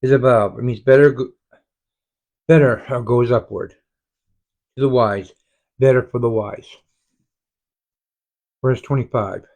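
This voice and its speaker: Brief: man, unhurried Bible study leader, halting reads with self-corrections, mid-pitched voice. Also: steady tone, a little mellow. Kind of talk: slow verse-by-verse scripture reading with explanations. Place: home, online group study.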